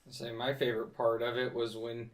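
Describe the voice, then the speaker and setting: A man's voice: medium pitch, little pitch movement, a little fast. A man co-hosting a casual movie review podcast, speaking hesitantly. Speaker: podcast co-host. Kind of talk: casual chat.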